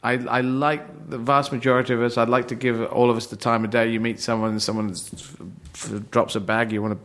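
A man born in Yemen talks in a rambling, animated way, tripping over restarts as he goes. He often jumps into raised voices to act out other people. His pitch sits in an ordinary middle range. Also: brisk. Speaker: comedian. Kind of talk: casual chat.

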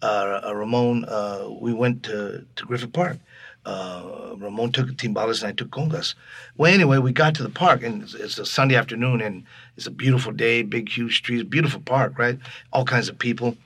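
In this storytelling interview, a Texan guest musician brings his tale to life by performing the voices of its characters. He talks at a moderate pace in a medium-pitched voice with a breathy edge.

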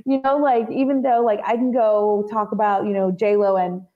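A woman's voice: medium pitch, steady tone, moderate pace, lo-fi sound. A woman co-hosting a podcast, chatting casually, laughing often and filling her talk with "like" and "you know". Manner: giggly, full of "like" and "you know". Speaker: podcast co-host. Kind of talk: casual chat.

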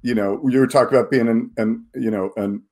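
A man's voice: medium pitch, steady tone, fairly quick, a little mellow. A man hosting a podcast, chatting casually and asking his guest questions. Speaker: podcast host.

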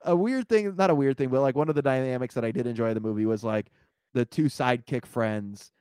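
A man co-hosting a casual podcast, talking through a movie in a loose, rambling way. He laughs often and drops casual profanity. His middle-pitched voice is recorded close and dry, with no room sound. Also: fast, a little mellow, clear, resonant tone, no room sound. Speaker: podcast co-host. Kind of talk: casual movie review chat.

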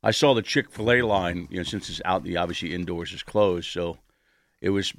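A man's voice: sits low, normal speed. A man hosting casual radio banter, rambling and crude, laughing often.

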